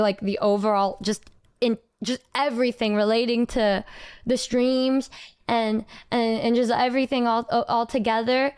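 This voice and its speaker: A woman's voice: fairly high pitch, smooth. A young woman in her twenties chatting casually with her stream viewers, bubbly and rambling, repeating words as she goes.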